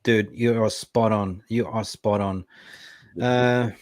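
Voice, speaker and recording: A man's voice: lowish voice, fairly even intonation, slow pace, no echo, clean studio sound. A man co-hosting a casual football fan show, reading viewer comments aloud and reacting to them. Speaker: co-host reading live chat.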